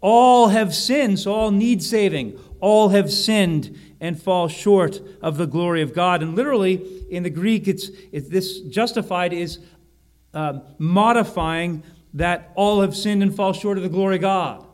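A man preaching a sermon, slowing and rising on key phrases and often correcting himself mid-sentence. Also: high-pitched. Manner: emphatic, slows and rises on key phrases, frequent self-corrections. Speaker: pastor.

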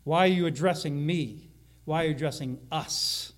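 A man's voice: a little high, moderate pace. A man preaching a sermon as a pastor, reading scripture aloud and explaining it, often restarting his sentences. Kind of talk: expository sermon.

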